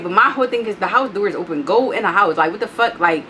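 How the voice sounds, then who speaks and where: A young woman vlogger telling an animated, profane storytime, acting out what people said with big jumps in pitch. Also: quick pace, few pauses, slight background noise.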